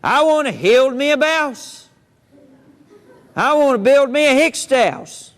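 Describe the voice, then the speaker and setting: Little pig for a kids' show: high, squeaky, goofy and eager, twang, a man puts it on, reverb of a hall. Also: expressive, takes it slowly, exaggerated voice. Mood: silly.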